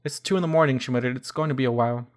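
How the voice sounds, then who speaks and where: A man's voice: mid-range voice, racing, close to an everyday voice. A man voicing a frightened, lovesick young female pony princess in an audio reading, whimpering and stammering. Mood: strained.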